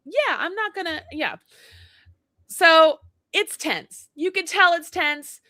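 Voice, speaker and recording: A woman's voice: very high voice, takes it slowly, sharp tone, dry recording, studio quality. A woman co-hosting a casual livestream chat, animatedly telling a story and acting out both sides of it. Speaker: co-host. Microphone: livestream mic.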